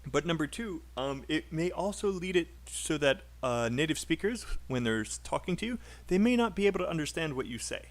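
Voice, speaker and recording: A man's voice: on the high side, animated, fairly quick, few pauses. A British man who teaches English in a live online class, upbeat and explaining, modelling sentences aloud for his students.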